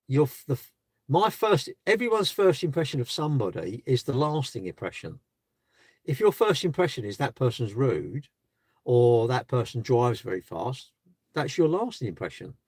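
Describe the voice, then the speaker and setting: A man's voice: mid-range voice, slightly rough, no echo. A man chatting on a live stream from his parked car, rambling and asking rhetorical questions. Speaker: livestreamer. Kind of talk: casual live stream chat.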